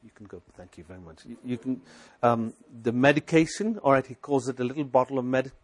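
This preacher's mid-range voice is brisk, with lively intonation. Through his sermon he urges listeners on, repeating himself, firing off rhetorical questions and reciting scripture aloud.

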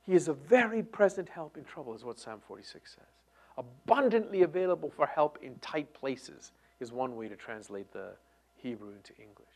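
A middle-aged male preacher delivers a sermon with a lively, swinging pitch. He pushes key phrases out loudly and then drops to a near-whisper. His voice sits a little high for a man. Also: moderate pace. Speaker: pastor.

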